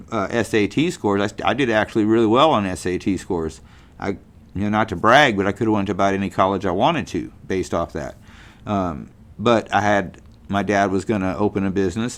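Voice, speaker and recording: Rambling middle-aged man, low voice. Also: fairly bright tone. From California. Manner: rambling, folksy, with many fillers and restarts. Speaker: podcast host. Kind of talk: casual monologue.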